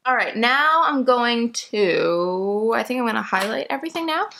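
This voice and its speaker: A woman's voice: a little high, lively intonation, normal speed, gravelly, a bit bright. A young woman chatting her way through a makeup tutorial at home, explaining each step casually and laughing easily. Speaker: makeup vlogger.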